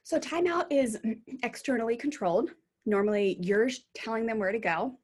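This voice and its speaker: A woman's voice: fairly high pitch, normal speed. A woman in her thirties, a parenting coach, chatting earnestly and acting out quotes as she tells stories. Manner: earnest, animated storytelling with acted quotes. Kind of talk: casual podcast chat.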